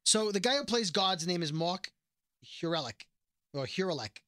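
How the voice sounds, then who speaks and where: Animated guy recapping a tv episode, bright voice, dry close mic. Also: sits high, normal speed, no room sound. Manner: animated, jumps into voices when quoting characters. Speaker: podcast co-host recapping a TV episode. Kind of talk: casual chat.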